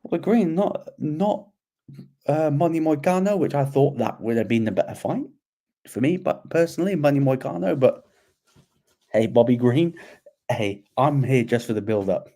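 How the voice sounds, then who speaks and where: A man co-hosts a casual sports podcast, talking in an animated, rambling way. He often repeats himself as he builds a point. His voice is mellow and warm at a middle pitch. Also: moderate pace. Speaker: podcast co-host.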